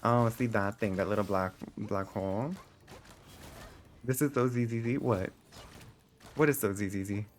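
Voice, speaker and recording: A man's voice: measured pace, long pauses. Sassy theatrical male streamer. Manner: sassy, theatrical, calls chat divas; voice leaps high when exclaiming. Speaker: game streamer. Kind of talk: live stream chatting with chat.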